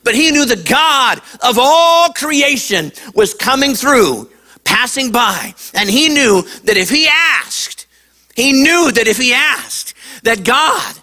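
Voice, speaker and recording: Man, preacher, animated sermon, high pitched, bright tone. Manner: animated, acts out voices; emphatic shouting at high points. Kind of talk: sermon to a young audience.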